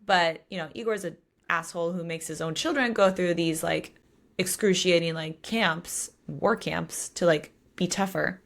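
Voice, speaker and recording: A woman's voice: lowish voice, moderate pace, creaky. A woman co-hosting a podcast, casually recapping a novel's plot in a chatty way. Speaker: podcast co-host. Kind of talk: casual book discussion.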